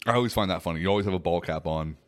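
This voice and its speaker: A man's voice: low voice, very fast. A man co-hosting a casual podcast chat, teasing his partner and steering the talk with probing questions. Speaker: podcast co-host.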